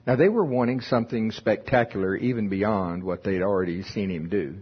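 A man's voice: lowish voice, a little fast, few pauses, breathy edge, highs cut off. A man preaching folksy Bible teaching, reading scripture aloud and explaining it with chuckling asides.

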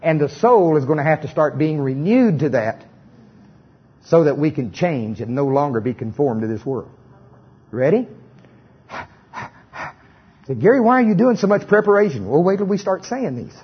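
A man's voice: a little high, measured pace, long pauses, slightly rough, lo-fi sound. A middle-aged man preaching and leading a congregation in repeated lines, with joking asides. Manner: animated, joking asides, leads congregation in repetition. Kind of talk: sermon with call-and-response.

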